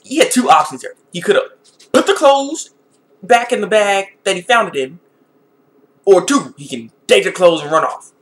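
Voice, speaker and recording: An excitable man talking through an anime episode in a loose, casual vlog. His voice sits high for a man and swoops widely, and he keeps stumbling and repeating himself as he gets worked up. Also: moderate pace. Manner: excitable, laughing, repeats words. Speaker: anime reviewer.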